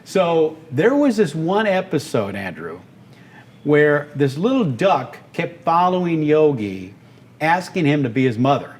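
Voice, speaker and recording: Animated older man telling stories. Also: a little high, unhurried. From Texas, United States. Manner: animated, breaks into character voices. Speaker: guest, voice actor and radio host. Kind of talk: storytelling in a podcast interview.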